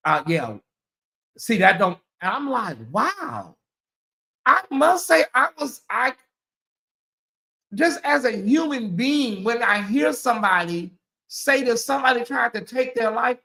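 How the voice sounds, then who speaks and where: A woman running a commentary channel addresses her viewers in a casual, lively manner, repeating herself mid-exclamation. Her voice is a little high and the audio is reverberant.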